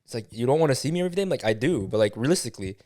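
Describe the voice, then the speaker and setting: A man's voice: medium pitch, animated, racing, darkish tone, no echo, studio quality. A young man, a podcast co-host, telling a casual story with lots of swearing and acted-out quotes of what was said. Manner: swearing, acts out quoted dialogue, many fillers.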